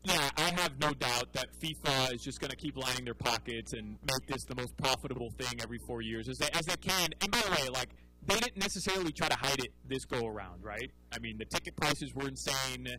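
Bright, forceful male sports-bet analyst, quick casual chatter with restarts. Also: medium pitch, soft background music, rough recording. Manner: chatty, animated, frequent restarts. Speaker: soccer betting analyst guest. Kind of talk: casual podcast chat.

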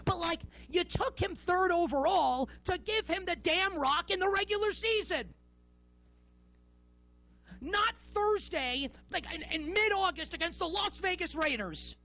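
A woman's voice: very high-pitched, lively intonation, moderate pace, gravelly, hardly any pauses, fairly bright tone, rough recording. A woman in her thirties delivers a sports talk show monologue. She rambles, sounds incredulous, and hits key words hard.

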